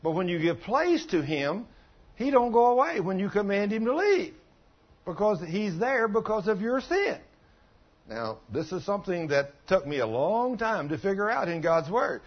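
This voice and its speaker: A man's voice: sits high, big pitch swings, moderate pace, muffled recording. A man preaching a sermon as pastor, telling folksy stories and putting questions to the congregation.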